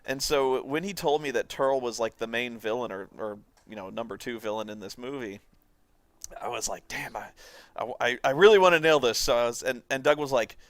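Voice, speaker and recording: A man's voice: mid-range voice, a little fast, no room sound. A man giving a casual, rambling commentary on a video, often laughing as he talks. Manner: rambling, laughing, lively storytelling.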